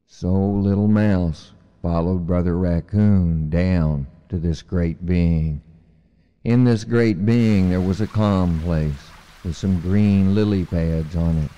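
A male storyteller narrates an animal tale in a deep, slow and measured voice. His tone is mellow, reflective and steady, with a long hall reverb trailing behind him.

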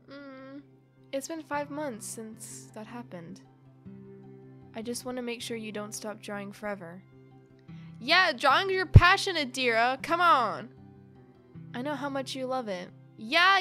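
A woman's voice: a little high, bright, forceful tone. A woman YouTuber reading a webcomic aloud and reacting to it, bubbly and gushing, with frequent giggles.

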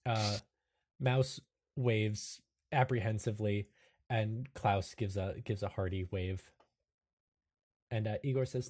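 A man's voice: fairly low pitch, steady tone, slow, pauses often, a little mellow. A man narrating a tabletop game as game master, laid-back and full of fillers.

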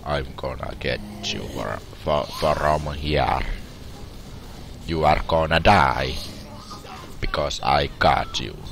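A man giving excitable gameplay commentary and shouting at the game as he plays. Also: rumbling low, slow, creaky, pauses often, music in the background. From Finland. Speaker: gamer. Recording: game sounds loud behind voice.

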